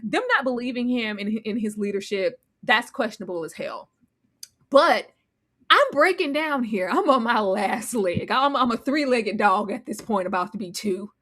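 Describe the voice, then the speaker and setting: A woman's voice: medium pitch, animated, moderate pace, fairly bright tone. A woman co-hosting a live show recap in casual chat. She acts out characters' lines and laughs often. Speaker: podcast co-host. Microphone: home mic, live stream.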